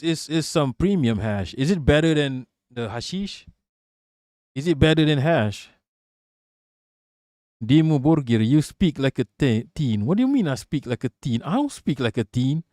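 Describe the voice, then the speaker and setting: A man's voice: a little high, darkish tone, dry recording, clean studio sound. A man streaming live, reading chat aloud and answering it in a casual, profane, joking way.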